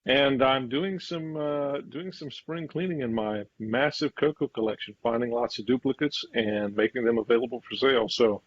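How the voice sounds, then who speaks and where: A man with a husky voice talks on a podcast, measured and matter-of-fact. The sound is dry and muffled, like call audio. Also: medium pitch, no echo. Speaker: podcast co-host. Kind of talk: casual podcast chat.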